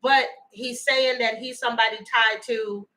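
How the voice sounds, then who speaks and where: A woman giving a chatty, animated livestream tarot reading and thanking viewers by name. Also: fairly high pitch, measured pace, rough recording. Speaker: tarot reader.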